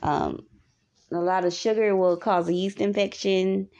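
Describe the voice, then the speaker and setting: A woman's voice: medium pitch, fairly even intonation, unhurried, darkish tone, dull audio. A woman hosting a podcast, giving rambling, repetitive advice in a casual monologue. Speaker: podcast host.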